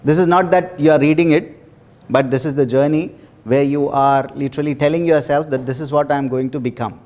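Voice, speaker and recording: Guy running a little self-help workshop, kinda high voice, earnest, keeps repeating himself, chuckles a lot. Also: steady tone, a little fast. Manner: earnest, repetitive, laughs softly between phrases. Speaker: workshop facilitator. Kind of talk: motivational workshop talk.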